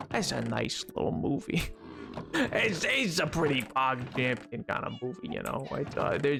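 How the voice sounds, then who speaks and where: A man's voice: medium pitch, creaky. A man streaming a game, rambling and joking with his viewers in casual chat. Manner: rambling, jokey, chatting to viewers.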